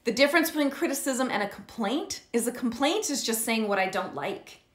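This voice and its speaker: A middle-aged woman coaches parents in an earnest, explanatory way, checking in with her listeners as she goes. Her voice sits a little high. The room gives it a noticeable echo. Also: expressive, fairly quick. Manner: earnest, checks in with frequent "okay?" and "right?". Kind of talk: teaching talk to parents. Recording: roomy echo.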